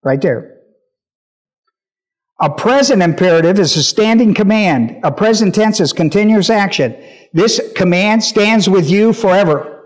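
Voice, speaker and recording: Male pastor, high voice, emphatic Bible teaching, repeats points and checks the room. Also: animated, a little slow. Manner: emphatic, repeats key phrases, checks listeners' understanding.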